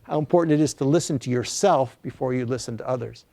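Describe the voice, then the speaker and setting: A man's voice: mid-range voice, fast, dark tone, dry recording. An older man giving a talk as an author, telling an anecdote in a storytelling lecture style with frequent fillers and restarts.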